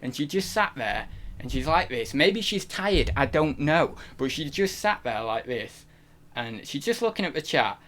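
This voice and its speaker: A man's voice: a little high, big pitch swings, normal speed, a bit bright, a little hiss or hum. A man hosting a live stream, talking casually in a rambling, giggly way with many restarts and fillers.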